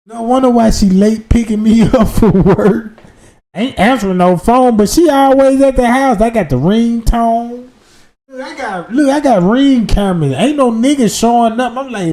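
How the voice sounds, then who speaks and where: A man hosting a livestream, telling a crude comic story in an animated rant that jumps between loud outbursts and low muttered asides. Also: moderate pace. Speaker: livestream host. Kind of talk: profane comedic storytelling rant.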